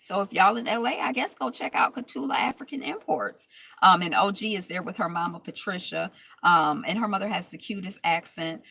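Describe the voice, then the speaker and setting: Gravelly, bright-voiced woman recapping TV. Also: medium pitch, a little fast, dry recording, poor audio. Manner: rambling, many fillers and restarts. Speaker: reality TV recap vlogger. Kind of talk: casual recap chat.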